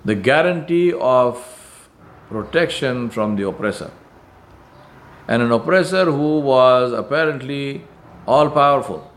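A man delivering a sermon with earnest conviction. He drives his points home through repetition, often restarting a phrase before he finishes it. His voice sits at an ordinary pitch for a man. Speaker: preacher.

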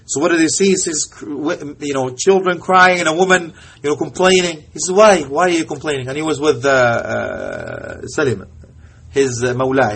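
Husky high-voiced male preacher. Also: moderate pace. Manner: impassioned, often drops to a hush, mixes in Arabic phrases. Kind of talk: storytelling sermon.

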